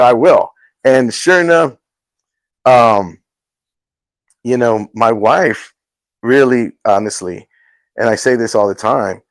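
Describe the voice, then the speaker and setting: Give me an earnest, halting male host. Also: mid-range voice, no room sound, poor audio. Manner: earnest, halting storytelling with restarts; acts out quoted dialogue. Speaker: show host. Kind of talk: casual testimony chat.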